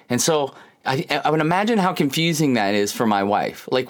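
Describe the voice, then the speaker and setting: A male pastor delivers a casual, joking sermon. His pitch swings widely as he acts out quick snippets of dialogue. His delivery stays conversational rather than formal. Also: lively intonation.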